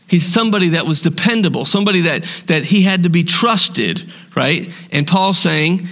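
A middle-aged male pastor preaching a sermon, swinging between soft and emphatic delivery. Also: high voice, muffled recording.

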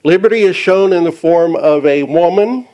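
A man preaching a sermon, speaking deliberately and repeating key words for emphasis. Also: a little high, a little mellow, low-quality recording. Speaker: pastor.

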